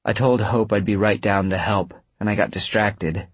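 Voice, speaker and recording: A man voicing a kind young man who talks plainly and gently, a little awkward. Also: on the low side, fairly even intonation, normal speed, husky, no room sound. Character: steady, kind young man talking to a ghost.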